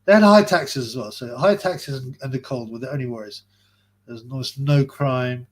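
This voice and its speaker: A man's voice: medium pitch, normal speed. Rambling man on a live stream. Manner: rambling and chatty, laughs often, many fillers. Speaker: livestream host reading chat. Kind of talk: casual live-stream chat.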